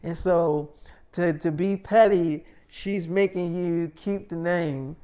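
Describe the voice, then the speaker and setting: A man's voice: a little high, slow pace, dark tone, clean tone. A man voicing a jealous, hot-tempered young wife who curses and talks with sass, in an improvised freestyle story. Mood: bitter. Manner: sassy, cursing, petulant.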